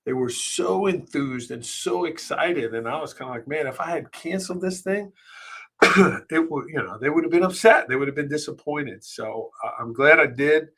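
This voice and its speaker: Emotional halting man telling a story. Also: fairly high pitch, a bit bright. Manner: emotional, halting, many fillers and restarts. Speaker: podcast host. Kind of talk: live podcast storytelling.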